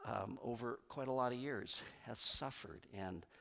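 A middle-aged man preaching a sermon as pastor, conversational and animated, swinging between loud emphatic bursts and quiet, soft passages. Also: medium pitch, a little slow, gravelly. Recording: long hall reverb.

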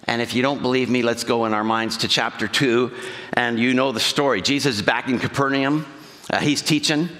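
A man's voice: mid-range voice, steady tone, brisk, sharp tone. A male pastor preaching a sermon in a church, talking conversationally and putting questions to the congregation. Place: church sanctuary. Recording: long hall reverb.

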